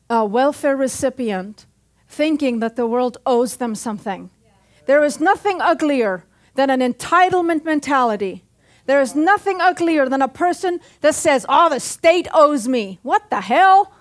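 With a high, animated voice at a slightly slow pace, a middle-aged woman pastor preaches in a church. Her sermon is punchy and playful, and she keeps calling out for amens.

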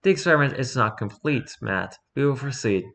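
Dude doing a stern detached doctor guy, bright voice, no feeling. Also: medium pitch, expressive, brisk, creaky. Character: cold, clinical male researcher doctor.

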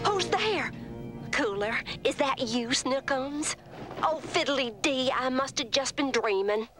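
A fussy belle cartoon dog, high and lively, music under. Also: female voice, slow pace. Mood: indignant. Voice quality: drawling, genteel, prissy. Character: prim Southern belle female dog.

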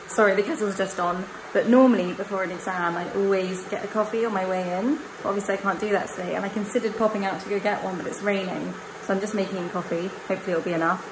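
A woman's voice: medium pitch, slight background noise. A young woman, chatting casually in a home vlog, rambling and self-deprecating as she talks from her bedroom. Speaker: vlogger.

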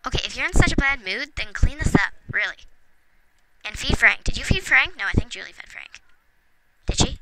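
A woman's voice: fairly high pitch, sing-song, brisk. Chatty woman narrating a game, noisy. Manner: chatty, talks to game characters, chuckles often. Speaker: let's play gamer. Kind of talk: casual gameplay commentary. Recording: noticeable background noise with clicks.

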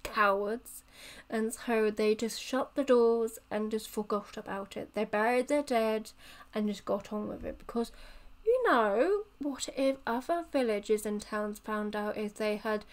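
A woman's voice: fairly high pitch, darkish tone. A woman telling a rambling, playful story in a casual voiceover for her channel. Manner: rambling, playful, self-correcting. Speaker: channel creator.

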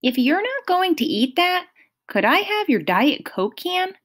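A woman's voice: extremely high pitch, sing-song, unhurried, voice pushed up, heavily acted. A woman reading an audiobook, voicing a timid, trembling young male satyr asking meekly. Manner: timid, meek.

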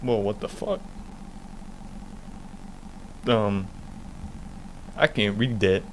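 A man's voice: fairly low pitch, drawn-out words, slight background noise. A young man giving casual, jokey gameplay commentary, rambling and laughing often. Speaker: gaming video host.

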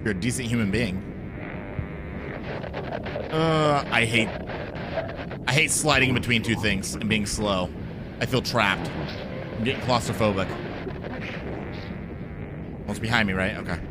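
A man's voice: lowish voice, a little slow, pauses often, heavy background noise. A man giving nervous, joking commentary while playing a horror game, jumpy and easily startled. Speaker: gaming streamer.

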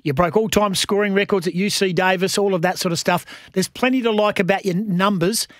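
A man's voice: high voice, steady tone, a little fast, no echo, studio quality. A man with an Australian accent hosting a breakfast radio show, upbeat and jokey with his guest.

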